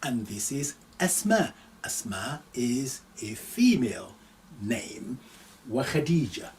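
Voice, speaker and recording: A man teaching an Arabic lesson, reading phrases slowly and deliberately and repeating each one with its translation. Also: mid-range voice, sing-song, a little mellow, recorded from a distance, slight background noise, rough recording. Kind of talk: live online language lesson.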